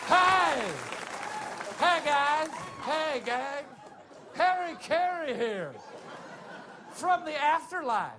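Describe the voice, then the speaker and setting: An actor playing the boisterous ghost of an old male sportscaster in a comedy sketch, jovial and loud, with drawn-out greetings. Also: very high-pitched, lively intonation, background noise, exaggerated voice. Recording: comedy sketch clip with faint studio crowd.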